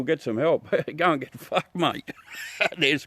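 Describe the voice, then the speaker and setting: A middle-aged Australian man with a slightly high voice takes it slowly as he hosts a livestream, chatting casually with viewers. He laughs, jokes and swears, and there's background noise in the audio.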